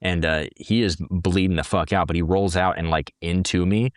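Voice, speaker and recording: A man's voice: low-pitched, steady tone, normal speed, dry recording, clean studio sound. A man, a former Navy corpsman guest, telling stories casually in blunt, profane talk. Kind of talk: casual storytelling.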